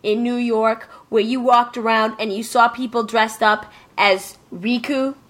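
A woman's voice: on the high side, fairly even intonation, measured pace, fairly bright tone. A woman co-hosting a casual chat, emphatic and ranting, swearing freely.

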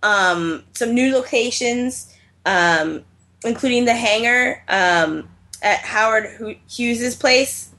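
A woman with a bright, clear voice co-hosts a podcast, chatting casually and with animation. She swears freely and uses plenty of fillers. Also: on the high side, slow. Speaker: podcast co-host. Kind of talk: casual chat about games and films.

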